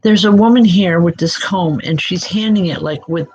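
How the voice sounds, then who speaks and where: A woman giving spiritual readings live to online viewers, speaking gently and reassuringly, calling people by name with many soft hesitations. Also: lowish voice, normal speed. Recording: dull lo-fi sound with music behind. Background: background music.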